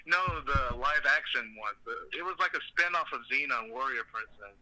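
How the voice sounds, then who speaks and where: A man's voice: medium pitch, moderate pace, bright, forceful tone, low-quality recording. A man hosting a podcast, chatting casually and telling rambling, profane jokey stories. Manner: rambling, joking, profane storytelling. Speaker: podcast host. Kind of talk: casual comedic chat.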